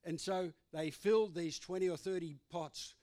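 A man's voice: high-pitched, moderate pace, darkish tone. A man preaching a sermon, emphatic and given to repetition. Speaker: pastor.

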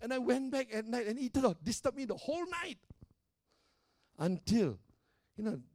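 A man's voice: very high voice, very animated, measured pace, a little mellow, no echo, clean studio sound. A middle-aged man, a pastor, preaching a sermon emphatically and often tossing questions like "huh?" to the congregation. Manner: emphatic preaching with call-and-response tags.

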